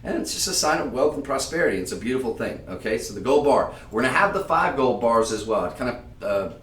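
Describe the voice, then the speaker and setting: A man hosting a live-stream jewelry sale, talking to viewers in a chatty, emphatic sales pitch. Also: lively intonation, fast, a bit bright, echoey room, recorded from a distance. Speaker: shopping channel host.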